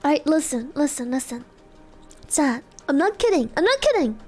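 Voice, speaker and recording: A woman's voice: sits high, big pitch swings, normal speed, a little mellow, faint music behind. A woman from Germany chatting casually with her live stream audience, giggly and playful, cursing freely. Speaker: livestreamer.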